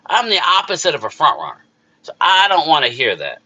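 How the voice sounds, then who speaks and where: A middle-aged sports channel host from South Jersey sits on the high side, his pitch swooping wildly, speaking a little fast with a bright, forceful tone and a breathy edge. In his casual live chat he rambles, gets emotional and answers viewers directly.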